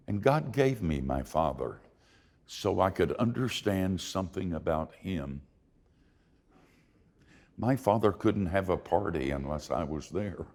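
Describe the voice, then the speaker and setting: An older man preaching a sermon, telling folksy, self-deprecating stories in an expressive way. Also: sits low, long reverb tail. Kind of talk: sermon with storytelling.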